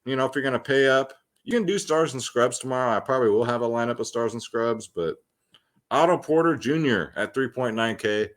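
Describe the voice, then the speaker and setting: A man's voice: medium pitch, fairly quick. Casual slangy man breaking down picks. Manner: loose, slangy, chatty with many ums and asides. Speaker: fantasy sports picks host.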